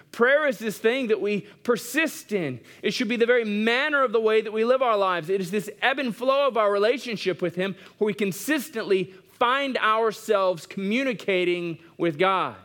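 Male pastor, high-set voice, chatty sermon delivery that circles back on its points. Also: normal speed, few pauses, a bit bright. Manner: conversational, repeats phrases for emphasis. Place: church service.

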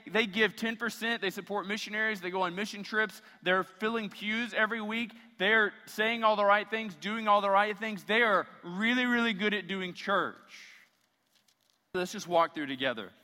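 High, bright-voiced preaching pastor. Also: male voice, in a large hall. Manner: emphatic, repeats phrases for stress. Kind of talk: sermon.

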